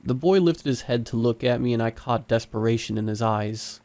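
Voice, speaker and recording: Male horror narrator, steady scripted reading, mid-pitched voice. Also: normal speed.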